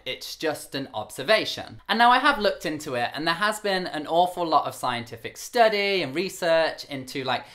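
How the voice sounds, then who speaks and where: Young man with a light camp rasp. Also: fairly bright tone. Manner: earnest, candid; higher-pitched male voice held lower for camera. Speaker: vlogger. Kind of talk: talking to camera.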